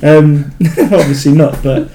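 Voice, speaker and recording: Joking, rambling British man, mellow voice. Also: a little high, takes it slowly, soft background music. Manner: rambling, joking, swearing freely. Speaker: podcast co-host. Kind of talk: casual chat.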